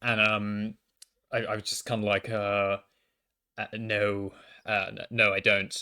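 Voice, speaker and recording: A man's voice: on the low side, monotone, measured pace, bright, forceful tone. A young man, a university student, telling a casual storytime monologue into a microphone at home, often stammering and restarting with self-deprecating asides. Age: young adult.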